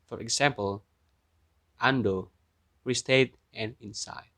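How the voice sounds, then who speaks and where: A man's voice: mid-range voice, gravelly, a bit bright, no echo. Young Indonesian man reading a class talk. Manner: reads plainly, pausing between example words. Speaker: student presenter.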